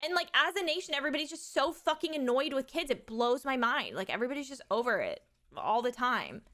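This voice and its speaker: Woman in her thirties, streamer; bright, fairly high voice, frank rambling chat with casual swearing. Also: big pitch swings, quick pace. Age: 30s. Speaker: streamer and mother.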